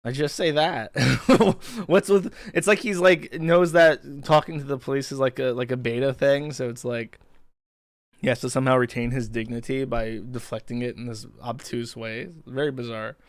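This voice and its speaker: Reacting to a clip and to chat with profanity, incredulity and mockery, a male streamer delivers casual live-stream commentary. His mid-range voice stays steady at a moderate pace, with no room sound.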